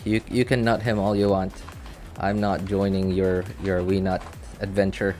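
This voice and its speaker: A man's voice: deep voice, level tone, moderate pace, a little mellow, faint music behind. A man streaming a game and chatting casually, rambling and laughing at himself. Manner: rambling, self-mocking, laughs often. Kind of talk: casual live-stream chat.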